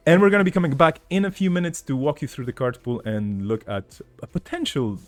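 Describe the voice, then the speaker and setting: A man's voice: fairly high pitch, expressive, moderate pace. A man with a tired voice co-hosting a card game stream in casual chat, hesitant and full of fillers. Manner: hesitant, many fillers and restarts.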